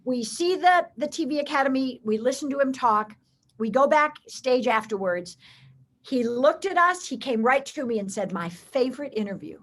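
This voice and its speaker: Lively high-pitched woman telling faith stories. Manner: expressive, acts out quoted voices. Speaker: guest storyteller. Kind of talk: animated faith storytelling.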